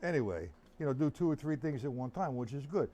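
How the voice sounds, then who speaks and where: A man's voice: mid-range voice, animated, fast, warm tone, slight background noise. A man teaching drums on a live stream, chatting loosely and answering viewers by name. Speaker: drum teacher. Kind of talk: live-streamed drum lesson.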